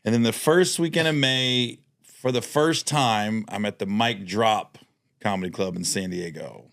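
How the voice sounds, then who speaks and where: A man's voice: lowish voice, measured pace, gravelly. A man hosting a podcast, chatting casually and telling funny stories, acting out the people in them. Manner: animated storyteller, acts out quoted voices. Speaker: podcast host, comedian. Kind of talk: casual storytelling chat.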